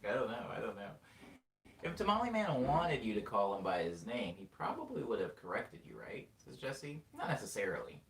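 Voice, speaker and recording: Chatty young man, lively pitch. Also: normal speed, vocal fry. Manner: rambling, laughs often, animated storytelling. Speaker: livestream host reading chat. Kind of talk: casual chat. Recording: roomy, mic at a distance, faint noise.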